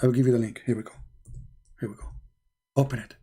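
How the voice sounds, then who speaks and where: A man's voice: mid-range voice, fairly even intonation, quick pace, dark tone, husky. Insistent man in a heated debate. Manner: insistent, repeats phrases. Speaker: debate show host.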